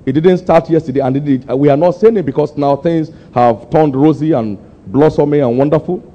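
An older man preaching a sermon, pushing his people for answers and climbing to sudden high, emphatic peaks. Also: moderate pace, warm tone. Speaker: pastor. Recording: muffled lo-fi sermon recording.

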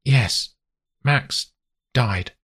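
A man reading an audiobook, voicing a calm female investigator who questions in a level, probing way. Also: extremely low pitch, drawn-out words, slightly rough, pitched above the performer's own voice, full character voice. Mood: serious.

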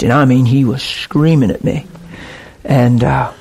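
A man's voice: mid-range voice, flat delivery, measured pace, a little mellow, breathy edge. A man preaching a conversational sermon, telling stories with casual, emphatic asides.

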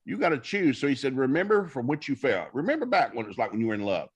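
A minister appears as a storytelling guest on a talk show, folksy and preacherly, acting out the dialogue of the people he quotes. His mid-range voice is fast, slightly rough, and swings widely in pitch, and the sound is lo-fi.

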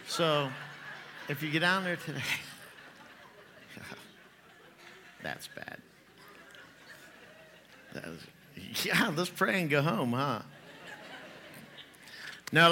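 A man's voice: fairly high pitch, pushed and bright, a little hiss or hum. A middle-aged man preaching a sermon, chatty and joking, laughing at his own jokes before turning to scripture. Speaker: pastor.

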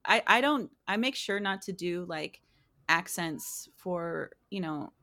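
A woman's voice: lowish voice, animated, slow, bright, forceful tone, no room sound. Giggly streamer lady chatting, laughs a lot, trips over her words, totally dry audio. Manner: giggly, laughs often mid-sentence; self-deprecating, restarts her sentences. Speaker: streamer guest. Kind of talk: casual interview chat.

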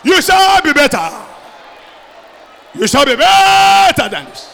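A man leading a fiery sermon and prayer, alternating shouted prayer with quieter speech. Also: very high-pitched, big pitch swings, slow pace, creaky, a crowd in the background, noisy background. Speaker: pastor. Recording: long hall reverb.

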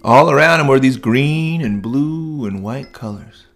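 Relaxed dad telling a bedtime story. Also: male voice, medium pitch, a little slow, gravelly, soft background music. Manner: relaxed, improvised, with restarts. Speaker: storyteller and podcast host.

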